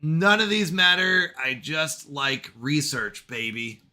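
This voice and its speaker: A man streaming a strategy game with commentary, animated and scolding himself over a misclick. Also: mid-range voice, normal speed, few pauses, faint music behind. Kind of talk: let's play commentary.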